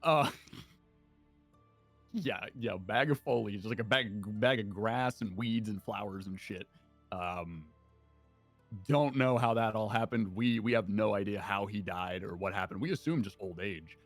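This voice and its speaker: On a stream, a young man chats casually with friends about their tabletop game and tells an anecdote full of laughter and casual swearing. His voice is fairly low and his pace measured. There's no echo, and soft music plays in the background.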